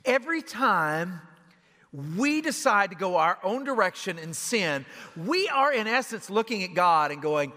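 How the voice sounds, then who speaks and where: A male pastor delivering a sermon, swinging from loud emphasis to hushed intensity. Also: sits high, very animated, measured pace. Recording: reverberant hall.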